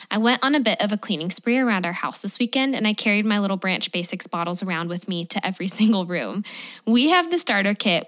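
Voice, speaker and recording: A woman's voice: medium pitch, fairly bright tone. Chatty woman podcast host. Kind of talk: podcast interview and read ad.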